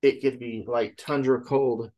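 A pastor with a warm, mid-range voice and fairly even intonation preaches unhurriedly, with the highs cut off in the recording. He retells a story full of "he said" tags, checks in with "okay?", then teaches from scripture.

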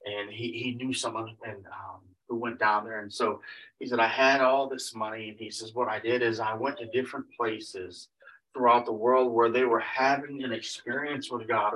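A man's voice: mid-range voice, a bit bright. A man preaching, retelling another man's story in a rambling way, with many repeated "he said" tags and restarts. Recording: voice picked up from a distance.

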